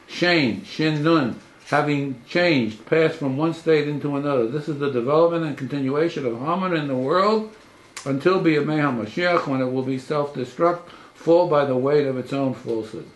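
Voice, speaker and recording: Halting lecturing man in an echoey room. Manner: halting, with repeated restarts and frequent pitch jumps for emphasis. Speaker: professor giving a talk.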